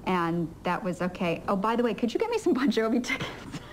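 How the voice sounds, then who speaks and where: A woman's voice: medium pitch, sing-song, a little fast, background noise. A middle-aged woman in a candid interview, telling a story with giggles and acting out her own past lines. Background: music.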